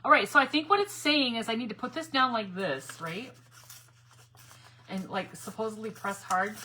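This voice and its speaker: Woman craft vlogger, bright tone, chatty and giggly, faint room hum behind. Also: fairly high pitch, moderate pace. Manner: chatty, laughs often, mutters while working. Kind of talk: casual crafting chat to viewers.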